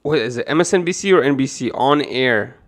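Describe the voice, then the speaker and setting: A man streaming a casual video reaction, excitable and profane, talking to his chat. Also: mid-range voice, fairly quick. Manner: excitable, profane, laughs hard.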